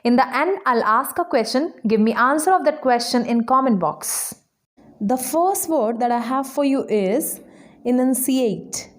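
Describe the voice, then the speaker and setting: A woman, an English trainer, slowly explaining vocabulary words one by one in a lesson. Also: sits high, lively intonation. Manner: slow, deliberate word-by-word explanation.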